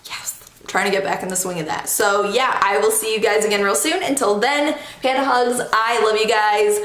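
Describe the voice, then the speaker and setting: Chatty young woman in her twenties, casual beauty vlog, mid-pitched, echoey room. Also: fairly even intonation, normal speed, background noise. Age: 20s. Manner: chatty, self-deprecating, drawls slang words. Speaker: beauty vlogger. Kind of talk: casual get-ready-with-me chat. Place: room at home, doing her makeup.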